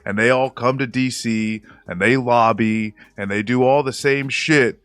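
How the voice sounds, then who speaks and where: A man's voice: mid-range voice, fairly even intonation, a little slow, fairly bright tone, no room sound. Blunt, filler-heavy male interviewer. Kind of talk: casual interview talk.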